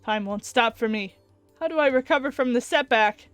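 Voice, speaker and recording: A woman reading as an anxious young male scientist narrating his own thoughts in a visual novel. The delivery is a hushed, brooding inner monologue in a high voice on a dry, close mic with faint music behind. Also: normal speed, smooth, no room sound, close to an everyday voice. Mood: desperate.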